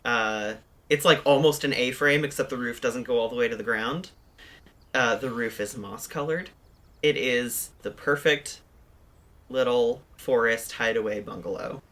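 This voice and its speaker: A guest player in a tabletop game talks casually and excitably, often loud and close to laughing. The voice is bright and cutting, and the pitch sits in a middle range. They describe things in quick, eager bursts. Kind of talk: casual tabletop play chat.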